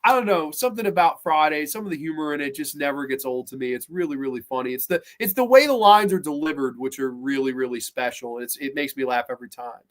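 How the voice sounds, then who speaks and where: A man hosting a podcast, retelling comedy scenes in an animated, profane, casual way. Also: fairly high pitch, fast, hardly any pauses. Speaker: podcast host. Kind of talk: casual movie chat.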